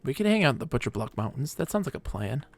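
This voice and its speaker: A gravelly-voiced man of medium pitch streams a game live, talking fast and in a sing-song way to his viewers and to himself as he plays.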